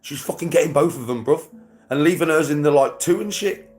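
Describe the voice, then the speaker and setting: A man's voice: on the high side, brisk, darkish tone. A young British man chatting casually to his viewers, full of slang and swearing, laughing often. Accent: British English. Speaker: vlogger. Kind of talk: casual chat to a livestream.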